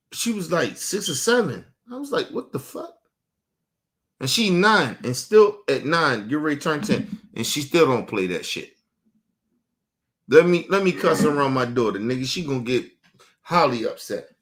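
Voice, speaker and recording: Guy in his 30s on a stream podcast, cussing a lot, acts out what people said, real animated. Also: a little high. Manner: profane, animated storytelling with acted-out quotes. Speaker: podcast host. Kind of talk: casual chat. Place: home studio, streaming.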